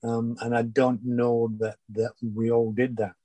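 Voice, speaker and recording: An older man, a former footballer, telling anecdotes in a relaxed interview with many restarts and fillers. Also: mid-range voice, measured pace, no room sound, low-quality recording.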